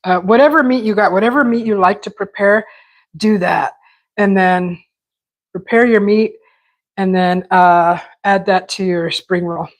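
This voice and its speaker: A woman hosting a casual cooking vlog, rambling in a relaxed way with many fillers and restarts. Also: medium pitch, a little slow, rough recording. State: talking with mouth full at times. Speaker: cooking channel host.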